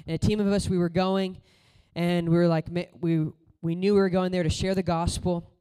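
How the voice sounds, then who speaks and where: Male preacher, high smooth voice, chatty sermon delivery with loud and quiet swings. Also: little pitch movement, brisk. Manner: casual, conversational preaching with storytelling; voice rises and falls between loud exhortation and quiet storytelling.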